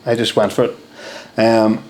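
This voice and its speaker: A young man, a podcast guest telling stories in casual chat, lively and swearing freely as he acts out what people said. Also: on the low side, moderate pace, a little hiss or hum. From Northern Ireland. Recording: roomy echo.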